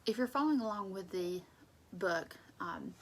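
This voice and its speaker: A woman leading a casual Bible study, conversational and emphatic, sometimes dropping into soft asides. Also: mid-range voice, animated, moderate pace, a little hiss or hum.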